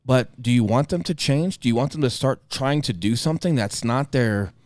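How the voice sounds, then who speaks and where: A man's voice: mid-range voice, normal speed, a little mellow, no room sound, clean studio sound. A man in his thirties co-hosting a podcast, telling a blunt, profane story in casual chat and acting out the voices of the people in it. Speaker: podcast co-host.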